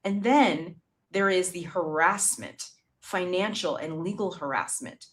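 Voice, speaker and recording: A woman's voice: on the low side, lively intonation, unhurried, a bit bright. A middle-aged woman co-hosting a political talk show, impassioned and indignant, often stammering into her points. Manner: impassioned and indignant, with stammered restarts and sarcastic quoting. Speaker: podcast co-host. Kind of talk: political commentary chat.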